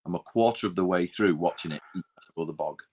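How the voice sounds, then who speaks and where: Deep-voiced man chatting. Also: brisk, low-quality recording. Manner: rambling, self-interrupting, drops into quiet asides. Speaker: podcast co-host. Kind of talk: casual chat.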